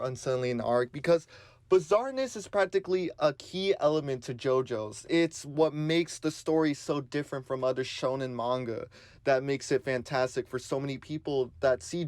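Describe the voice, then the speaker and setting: A man's voice: mid-range voice, clear, resonant tone, no echo. A man hosting his own channel in casual solo commentary, speaking with a lisp from new braces in an earnest, rambling way.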